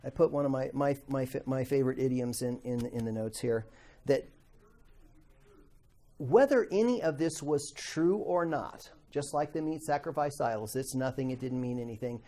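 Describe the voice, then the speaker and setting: A man's voice: medium pitch, normal speed, mellow. A middle-aged man teaching a Bible class in a conversational way, asking the class questions and acting out quoted voices.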